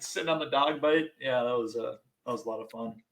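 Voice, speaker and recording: A man's voice: mid-range voice, a little fast, gravelly, echoey room, rough recording. Young man telling stories animatedly. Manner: animated, self-mocking, laughs through stories. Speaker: podcast guest. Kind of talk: casual storytelling.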